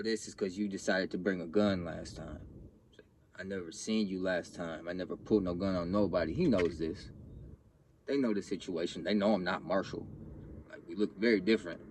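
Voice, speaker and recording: A man's voice: low-pitched, a little mellow, slight background noise. A young man telling a personal story in casual, profane street slang, acting out the other people's lines. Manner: blunt, profane street slang, acts out quotes with raised voice.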